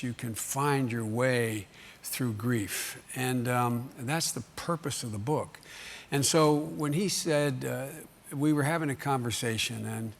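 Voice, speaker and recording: An older man as a talk show guest, speaking haltingly with many fillers and restarts. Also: medium pitch, creaky, a little hiss or hum.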